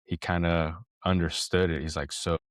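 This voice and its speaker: A man's voice: low voice, flat delivery, moderate pace, dry recording, studio quality. A man co-hosting a parenting podcast, telling a personal story in a rambling, reflective way with many restarts. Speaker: podcast co-host. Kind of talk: casual storytelling chat.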